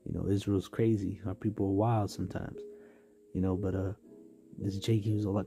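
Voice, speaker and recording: A man from San Diego talks through a scripture devotional in a loose, rambling way, full of fillers and street slang. His voice sits low and dark. Faint music plays underneath. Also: fairly even intonation, brisk. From San Diego, California. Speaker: livestream preacher. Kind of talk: casual spoken devotional.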